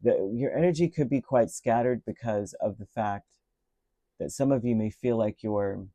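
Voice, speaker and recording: Middle-aged guy doing a casual tarot reading, warm mellow voice, rambles a lot. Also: lowish voice, normal speed, no echo. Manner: rambling, storytelling, with many restarts. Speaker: tarot reader.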